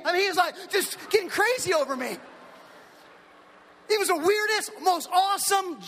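A man in his forties preaching a lively storytelling sermon, acting out the people in his stories. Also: extremely high pitch, normal speed. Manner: animated, impersonates characters in his stories. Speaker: pastor. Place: large hall with an audience. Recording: long hall reverb.

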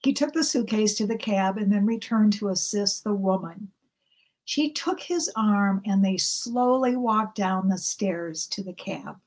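A woman pastor telling a heartfelt story in a gentle, storytelling manner from the pulpit. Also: medium pitch, measured pace. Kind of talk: sermon storytelling.

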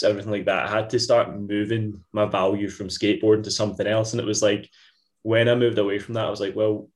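A man's voice: fairly low pitch, a little mellow. A young Scottish man from Ayrshire, a fitness coach chatting upbeat and casual as a podcast guest. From Ayrshire, Scotland. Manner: chatty, upbeat, lots of mate and wee.

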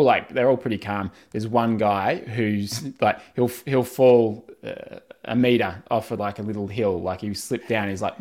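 A man, chatting in a relaxed, rambling way and laughing often. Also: lowish voice. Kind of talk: casual chat.

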